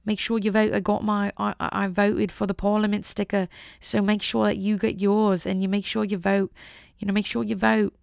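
A woman's voice: medium pitch, level tone, a little slow, gravelly, few pauses, no echo, clean studio sound. A woman voicing a pushy mock British person who keeps nagging people to vote. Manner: nagging, repetitive.

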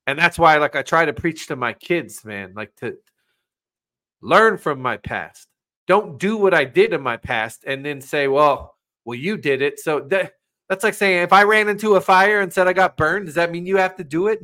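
A man's voice: fairly high pitch, pushed and bright. A man in his forties co-hosting a podcast, talking earnestly about faith and parenting, getting emotional as he speaks. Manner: earnest, gets emotional, preachy. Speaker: podcast co-host. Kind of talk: casual faith talk.

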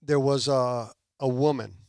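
A Puerto Rican man, appearing as a podcast guest, tells a testimony with animation and acts out the people in it. His mid-range voice is creaky and a little slow, recorded in clean studio quality with no room sound.

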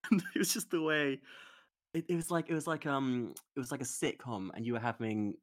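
A man's voice: medium pitch, normal speed. A man who is a podcast guest, telling a rambling anecdote in casual chat, laughing as he goes.

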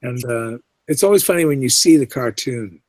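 A man, an actor being interviewed, telling stories in a lively way, acting out the lines he quotes, with lots of "you know" along the way. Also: mid-range voice, normal speed, no room sound. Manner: animated, acts out quoted lines, many fillers. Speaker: voice and screen actor, guest. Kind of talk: casual interview storytelling.

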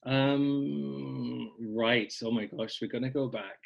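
A man's voice: medium pitch, steady tone, takes it slowly, gravelly, muffled recording. A man chatting as a podcast guest, rambling and self-deprecating with lots of ums. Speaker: podcast guest, folk magic blogger. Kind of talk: casual interview chat.

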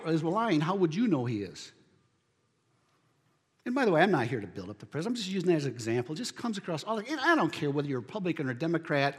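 A man preaching a sermon as pastor, building to emphatic near-shouts on key lines. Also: on the high side, slightly rough, in a large hall.

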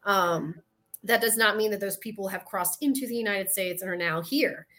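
A woman's voice: mid-range voice, normal speed, bright, forceful tone. A woman with a Southern US accent, hosting a podcast in casual chat, telling stories animatedly and acting out quotes. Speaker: podcast host.

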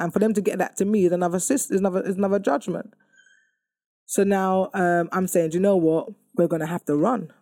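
A woman telling her own life story in a candid, conversational way, often repeating phrases for emphasis and pausing on ums. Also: on the low side, warm tone, no echo, studio quality. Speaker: speaker sharing a personal testimony.

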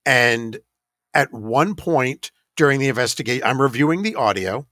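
A man's voice: mid-range voice, expressive, moderate pace, sharp tone, no room sound, clean studio sound. A man who leads a paranormal investigation team, telling an anecdote in a chatty, self-deprecating way with occasional laughs. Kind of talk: casual anecdotal storytelling.

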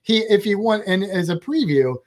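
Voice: medium pitch, animated, normal speed. A travel vlogger in casual chat, rambling and chatty with playful asides.

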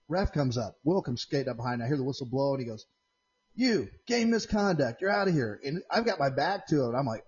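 A man hosting a casual podcast from his home shop, telling long rambling stories that get animated when he replays an argument. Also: mid-range voice, slightly rough, highs cut off. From Central Indiana. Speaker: podcast host. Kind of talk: casual storytelling chat. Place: home shop with doors open.

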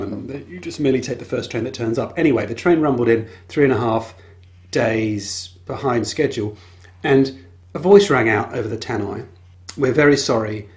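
A man hosts a podcast on his own in a casual monologue. His humour is wry and dry, and his pitch sits in the middle range. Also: darkish tone. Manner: wry, dryly humorous. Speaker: podcast host.

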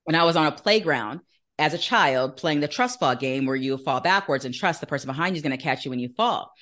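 A woman with a slightly low voice speaks as a guest in a podcast interview. She tells her story earnestly and with animation, acting out the voices she quotes in a conversational flow. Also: animated, a little fast, a bit bright.

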